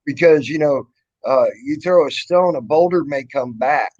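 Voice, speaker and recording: Blunt, profane livestream host. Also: male voice, fairly high pitch, normal speed, darkish tone. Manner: blunt, profane, rambling with fillers. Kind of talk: casual livestream chat. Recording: dull lo-fi stream audio.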